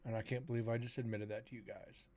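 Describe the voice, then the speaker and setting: Over steady background noise, a man in his 40s with a mid-range voice and quick pace hosts a live paranormal stream. He chats loosely and wanders off topic, tossing self-mocking remarks directly to his viewers.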